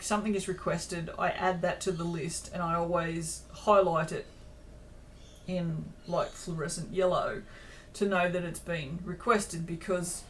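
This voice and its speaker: A woman's voice: on the low side, fairly bright tone, slight background noise. A tired woman, chatting casually to camera in a rambling, self-deprecating way from her home craft room. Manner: chatty, self-deprecating, lots of ums and tangents. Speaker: small business owner updating viewers.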